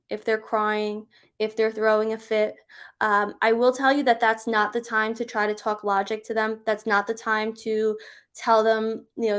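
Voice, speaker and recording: Conversational woman parenting coach, higher voice. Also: a bit bright. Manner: reassuring, conversational, frequent "um" and "right?". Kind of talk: live Q&A advice.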